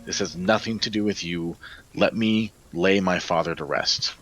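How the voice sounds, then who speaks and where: A man's voice: deep voice, moderate pace, fairly bright tone, poor audio. A man voicing a young male noble who defends his father, defiant and commanding.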